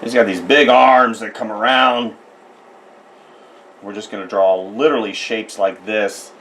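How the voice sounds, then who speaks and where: A man's voice: fairly low pitch, fairly even intonation, unhurried, fairly bright tone, a little hiss or hum, low-quality recording. A man from the United States narrating a casual drawing tutorial, chatty and rambling with self-deprecating asides. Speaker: art tutor.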